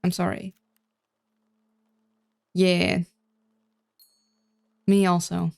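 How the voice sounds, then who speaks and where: Gravelly-voiced woman streaming a game. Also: fairly low pitch, flat delivery, extremely slow, darkish tone. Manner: chatty, playful, stumbles over names. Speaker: let's-play streamer. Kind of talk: casual game playthrough, reading on-screen text aloud.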